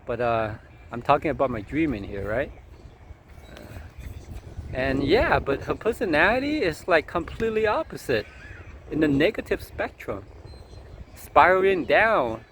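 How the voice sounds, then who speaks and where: A man's voice: fairly high pitch, fairly bright tone, a little hiss or hum. Rambling man vlogging outdoors. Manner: meandering, chuckling, filler-heavy. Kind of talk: rambling personal storytelling. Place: outdoors at sunset.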